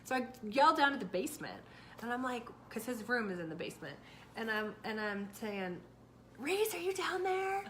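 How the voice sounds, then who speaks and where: A woman's voice: medium pitch, brisk. A woman in her thirties, a mother and co-host, chatting casually and acting out what she said to her kids. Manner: animated storyteller, acts out yelling and quotes. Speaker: podcast co-host, mother of four. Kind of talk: casual chat. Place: small home with a crock pot running. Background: faint household noise.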